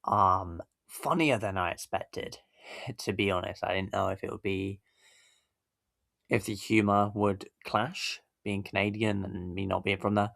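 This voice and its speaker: A man's voice: fairly low pitch, steady tone, unhurried, gravelly, fairly bright tone, no echo, clean studio sound. A man hosting a casual reaction video, rambling and correcting himself with little chuckles. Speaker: YouTube reaction host.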